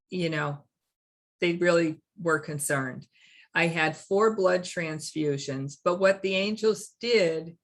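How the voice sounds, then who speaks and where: A middle-aged woman hosting a spiritual workshop, telling a personal story in a slow, earnest, reflective way over a video call mic. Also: lowish voice, vocal fry, a bit bright.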